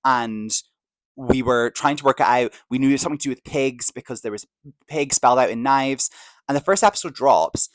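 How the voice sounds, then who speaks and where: A man's voice: medium pitch, brisk, no room sound, rough recording. A man hosting a podcast, gushing in an enthusiastic, chatty way with plenty of fillers. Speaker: podcast host. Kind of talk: casual opinion chat.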